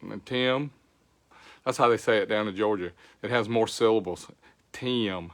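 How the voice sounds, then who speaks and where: A man's voice: fairly low pitch, steady tone, fast talker, fairly bright tone. An older man hosting a casual livestream, folksy, greeting viewers by name. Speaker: show host. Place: home.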